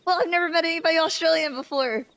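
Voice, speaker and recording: A woman rambling excitedly in a live roleplay, stumbling over her words. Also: very high voice, very fast, a crowd in the background, rough recording. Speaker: roleplay player. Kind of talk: casual roleplay chat.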